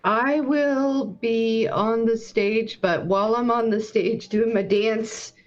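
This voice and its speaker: A woman playing a tabletop game, slowly thinking aloud about her spells. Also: fairly high pitch, steady tone. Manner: slow and thinking aloud, reading from her sheet. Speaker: player. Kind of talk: casual tabletop game chat. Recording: dull lo-fi sound with faint noise.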